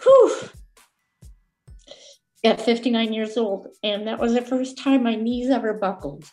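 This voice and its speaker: A woman guest telling a personal family story in an interview, heartfelt and halting, with many fillers and restarts. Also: on the high side, steady tone, darkish tone, faint music behind.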